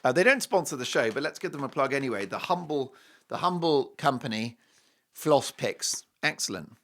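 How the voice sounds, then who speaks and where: A middle-aged British man delivering a talk show monologue, his voice swinging widely in pitch as he mocks and jokes. His tone is bright and forceful, and he leans into punchy asides and sudden emphasis. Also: moderate pace. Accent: British English. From Britain. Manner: animated, mocking, jokey asides.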